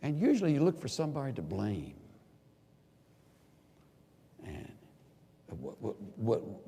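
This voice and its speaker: An older man delivers a sermon with a gravelly, husky voice. He speaks earnestly and animatedly, sometimes acting out pleading quotes. A long reverb from a large hall trails after his words. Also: mid-range voice, huge pitch swings, slow, long pauses, mellow. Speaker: preacher.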